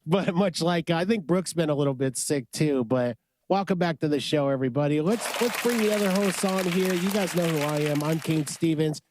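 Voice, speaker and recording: A man's voice: fairly high pitch, moderate pace. Sick, upbeat man host. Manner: energetic, hypes up guests. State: sick, under the weather. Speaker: podcast host. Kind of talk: upbeat casual chat.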